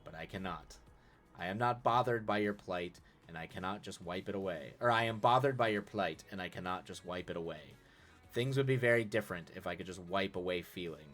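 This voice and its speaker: A man reading aloud the lines of a stoic, deadly serious exiled man, speaking quietly and slowly. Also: deep voice, soft background music. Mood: grave, quiet. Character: stoic, grave exiled man, slow and measured.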